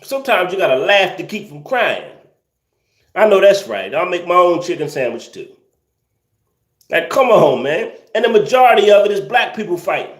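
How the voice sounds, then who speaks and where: Animated man ranting in an echoey room. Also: sits high, normal speed. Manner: animated, laughing incredulous rants with slang. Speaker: livestream host reading viewer comments. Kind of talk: casual livestream commentary.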